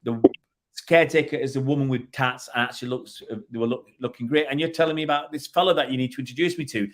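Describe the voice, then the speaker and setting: A man's voice: medium pitch, fairly even intonation, quick pace. A middle-aged man from England co-hosting a casual chat, rambling through jokey anecdotes with many restarts. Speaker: co-host.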